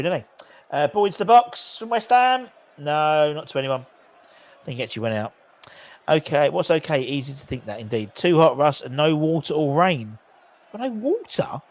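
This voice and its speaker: A man hosting a live football watchalong, calling the play casually, joking and bantering with viewers in the chat. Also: on the high side. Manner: chatty, jokey, banter with viewers. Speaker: host of a live match watchalong.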